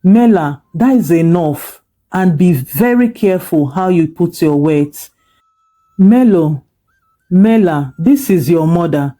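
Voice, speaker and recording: A narrator voicing a gentle, kind father. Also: medium pitch, animated, slow pace.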